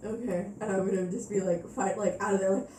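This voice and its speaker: A woman playing a tabletop game, giggly and animated. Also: mid-range voice, quick pace. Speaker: player. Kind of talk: casual tabletop play. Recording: distant echoey mic with faint noise.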